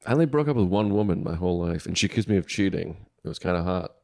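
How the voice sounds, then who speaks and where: A man's voice: deep voice, lively intonation, fast talker, vocal fry, a little mellow. A man in his thirties, co-hosting a podcast and telling crude breakup stories with frequent laughs. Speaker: podcast co-host. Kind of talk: casual chat.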